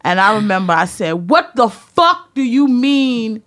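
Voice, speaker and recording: A woman telling a comedic story in a profane, emphatic way, acting out her own yelling. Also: a little high, very animated, a little slow. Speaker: storyteller on a talk show.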